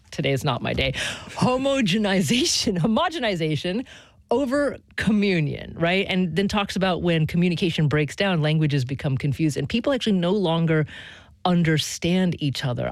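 A woman hosting a radio interview show, asking questions in a lively, conversational way with fillers. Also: lowish voice, no echo.

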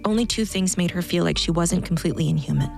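A woman narrates a story in a calm, measured audiobook style. Her voice sits low with a gravelly, creaky edge. Faint music plays softly behind her.

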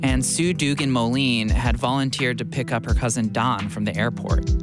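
A man giving a scripted radio narration in a measured, steady voice. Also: medium pitch. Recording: music bed under the voice.

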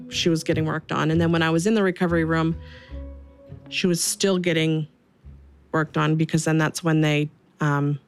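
A young woman and new mother recalling her birth in an interview, halting and repeating herself. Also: deep voice. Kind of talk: interview recollection.

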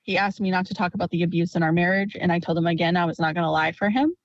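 A woman in her thirties speaking in a news interview, slow and halting. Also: lowish voice, no echo, muffled recording. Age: 30s.

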